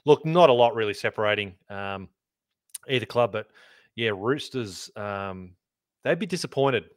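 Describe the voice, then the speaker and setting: A man's voice: on the low side, expressive, unhurried, no echo, clean studio sound. A man co-hosting a sports podcast, talking in a laid-back, mumbly way and swearing casually. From Australia. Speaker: podcast co-host.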